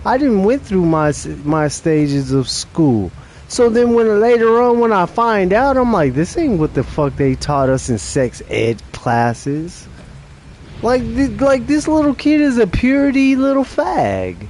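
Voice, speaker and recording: A man's voice: high-pitched, big pitch swings, takes it slowly, a little mellow, slight background noise. A young adult man streaming a game late at night, chatting casually in a rambling, profane way with restarts.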